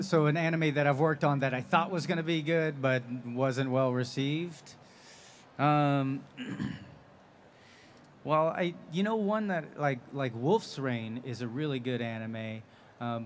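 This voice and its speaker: A man speaks at a convention panel, a voice actor telling stories in a chatty, easygoing way with frequent laughs. His voice sits at an ordinary middle pitch. A faint murmur of hall ambience hangs behind him. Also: unhurried, slight background noise. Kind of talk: live panel Q&A storytelling. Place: convention stage.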